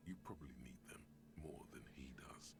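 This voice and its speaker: A man narrating a video game in a hushed, half-whispered, ominous manner. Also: very deep voice, moderate pace, husky, heavily acted. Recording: game audio with loud music.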